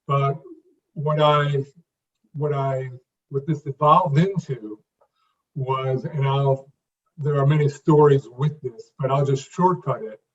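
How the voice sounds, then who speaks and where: A man in his fifties, an interview guest, speaking in a halting way with restarts and repeated words, then landing his phrases with emphasis. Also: medium pitch, fairly even intonation. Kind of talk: conversational interview. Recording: distant, dull lo-fi sound.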